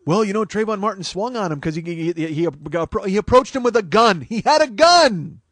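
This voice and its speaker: A man in his forties hosting a comedy podcast, ranting with heavy profanity and loud outbursts. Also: high-pitched, lively intonation, a little fast, dry recording. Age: 40s.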